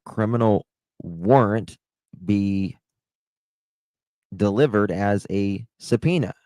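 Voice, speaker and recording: Male live streamer, low-pitched, gossipy and amused, recorded dry and close. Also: dark tone, no room sound, rough recording. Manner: laughing, gossipy, swears. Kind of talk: casual live stream commentary.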